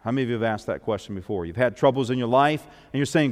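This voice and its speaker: A man, a minister, preaching a sermon as an earnest storyteller who builds up and then drops soft. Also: medium pitch, fast, few pauses. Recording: long hall reverb.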